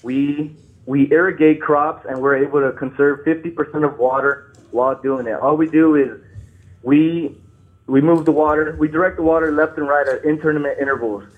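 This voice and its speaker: A nervous, shaky man calling into a show, talking haltingly, apologizing and restarting his sentences. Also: fairly high pitch, fairly even intonation. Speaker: caller. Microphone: phone. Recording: tinny phone line.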